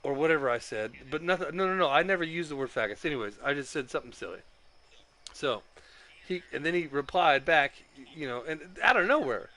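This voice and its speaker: Swearing nonstop, an agitated streamer complains through the story of his ban from an online game. His voice sits on the high side, sounding sharp, animated, and brisk.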